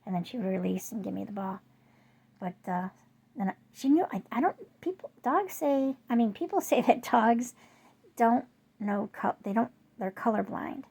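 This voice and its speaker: A woman, rambling through casual chat to her viewers with lots of fillers, her voice jumping high when she quotes herself. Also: expressive, moderate pace, vocal fry, warm tone, breathy edge. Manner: rambling storyteller with many fillers. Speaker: vlogger.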